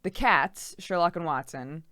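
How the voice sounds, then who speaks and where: A woman's voice: fairly low pitch, measured pace, pushed and bright, dry recording, studio quality. A pregnant young woman streamer chatting casually and reading out viewer messages, giggly and rambling with lots of fillers.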